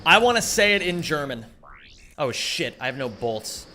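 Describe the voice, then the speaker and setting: A man's voice: on the high side, big pitch swings, normal speed, bright, forceful tone, slight background noise. A man streaming live, chatting casually with his viewers, greeting them by name and swearing freely as he plays.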